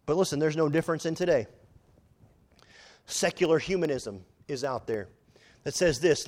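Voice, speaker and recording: A man preaching a sermon, emphatic, often rising and falling in loudness, quoting scripture in old-fashioned wording. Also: a little high, animated, normal speed, long pauses. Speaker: pastor.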